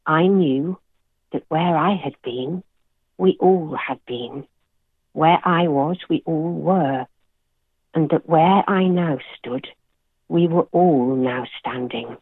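A woman therapist reads her own poem in a gentle, measured voice, very slowly. The sound is dry and narrow over a phone line. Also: low voice, husky, no echo. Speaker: therapist and author. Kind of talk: interview guest reading her own poem.

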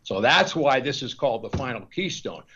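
A man's voice: mid-range voice, big pitch swings, moderate pace, bright, forceful tone, lo-fi sound, slight background noise. A man being interviewed as a guest author. He talks in long, rambling stretches, restarting often and repeating words. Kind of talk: discursive interview talk.

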